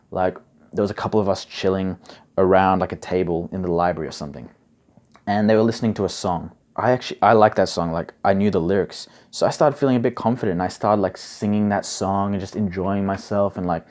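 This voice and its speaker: A young man speaks in a slightly low voice, chatting through advice like a coach. He leans on "like" and "bro" constantly, loose and conversational. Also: a little mellow. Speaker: study coach. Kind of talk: casual advice monologue.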